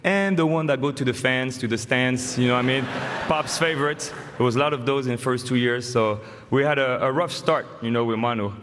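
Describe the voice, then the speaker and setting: A man's voice: mid-range voice, fairly quick, a bit bright, a little hiss or hum. A man in his forties with a French accent gives a joking, story-filled acceptance speech at a podium. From France. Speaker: honoree giving an induction speech. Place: large hall. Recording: reverberant hall with faint ambience.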